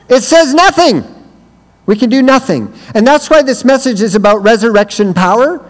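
Man, high-pitched voice, guest preacher, storytelling sermon, loud shouted bursts, long hall reverb. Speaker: guest speaker.

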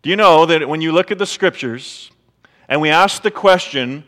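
A man with a high voice preaches a sermon, posing rhetorical questions in an easy, conversational way. His words ring out with a long reverb from a large church hall. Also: normal speed, a bit bright. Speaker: pastor.

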